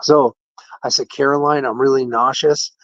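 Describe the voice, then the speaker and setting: A man's voice: mid-range voice, moderate pace, dry recording. Man telling an indignant story, dull lo-fi audio. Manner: animated, indignant retelling with quoted dialogue. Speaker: podcast host. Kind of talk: casual storytelling. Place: patient room in a care facility.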